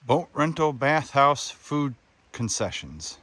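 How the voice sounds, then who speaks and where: A hiking vlogger walks a park trail outdoors, chatting casually and relaxedly with his viewers. His voice is mid-range, his pace slow, and the recording is dry.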